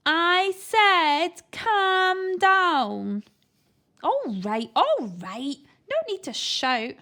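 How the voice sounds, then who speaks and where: A woman's voice: sits high, huge pitch swings, slow, exaggerated voice. A woman voicing a stiff, pompous, very posh male zoo director who says W for R. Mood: indignant. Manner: achingly posh, R's come out as W's.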